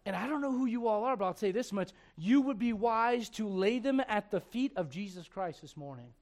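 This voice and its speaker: A young male pastor preaching a sermon, moving between quiet asides and loud exhortation, with humor and acted-out quoted voices. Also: high voice, animated, a little fast.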